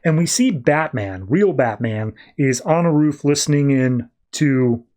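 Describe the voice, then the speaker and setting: A man's voice: medium pitch, expressive, a little slow, darkish tone. A man hosting a podcast, recapping a comic issue in a rambling, casual way. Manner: rambling, slips into quoted voices. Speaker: podcast host.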